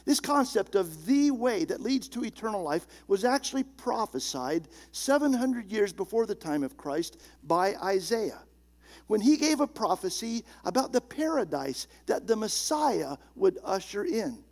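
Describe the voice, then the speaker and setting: A male pastor preaching a sermon, emphatic, slowing down and dropping low and soft on key words. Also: sing-song.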